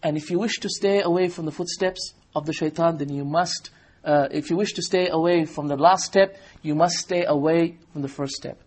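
A man preaches a sermon in a high, husky voice. He tells his story with animation and jumps into short acted-out exchanges as he goes. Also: normal speed. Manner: animated storytelling, acting out dialogue. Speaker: Islamic preacher.

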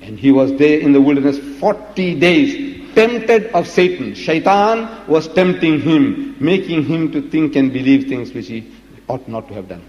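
A man's voice: a little high, expressive, a little slow, a little mellow. A man giving a religious lecture in an emphatic, dramatic way, full of rhetorical questions. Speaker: preacher. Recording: dull lo-fi recording in a reverberant hall.

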